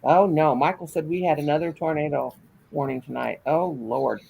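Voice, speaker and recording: A woman's voice: low-pitched, moderate pace, vocal fry, husky, muffled recording. An older woman hosting a casual livestream at home, chatty and folksy, reading comments aloud and laughing often. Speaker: livestream host.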